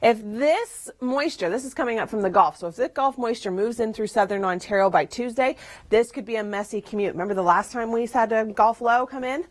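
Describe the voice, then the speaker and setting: A woman's voice: a little high, a little fast. A woman presenting the TV weather forecast in an upbeat, chatty way, leaning on key words. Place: TV studio.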